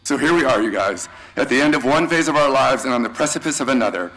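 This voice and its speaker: Male teacher, graduation farewell speech, warm and slangy, thanks students by name. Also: mid-range voice, lively intonation, fast, low-quality recording.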